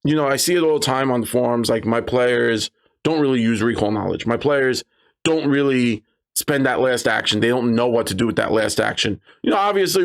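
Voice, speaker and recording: Gravelly guy telling tabletop game stories, animated, squeaks up high when he quotes his players. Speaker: game master giving advice. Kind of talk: casual advice talk with anecdotes.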